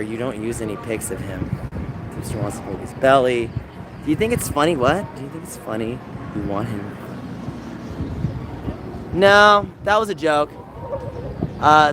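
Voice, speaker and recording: A man livestreaming from outdoors, talking to chat in an animated, mocking, sarcastic way. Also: fairly high pitch. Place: outdoors in a busy public area. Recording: outdoor street noise with passing vehicles.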